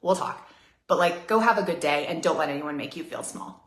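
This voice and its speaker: A woman's voice: low-pitched, a little fast, roomy sound. A woman ranting on a live video, sassy and feisty, rambling and laughing as she talks to her followers. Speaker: MLM seller on a live video. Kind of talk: livestream rant.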